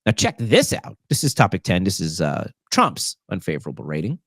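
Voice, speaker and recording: A man hosting a casual political commentary show, animated and sarcastic, with many fillers. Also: deep voice, a little fast, gravelly, breathy edge, no room sound, studio quality. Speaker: show host.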